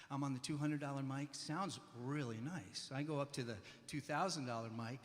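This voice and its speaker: A man's voice: a little high, a little fast, few pauses. A man giving a personal, self-deprecating storytelling tribute at a memorial. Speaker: memorial speaker. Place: church hall used as a concert venue. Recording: live in a reverberant hall.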